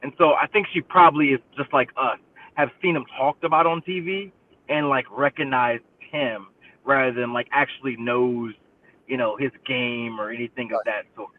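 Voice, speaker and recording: A man, a football reporter guest, giving measured, analytical takes as he calls in to a radio show. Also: steady tone. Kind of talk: call-in sports analysis. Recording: distant phone line with rumble.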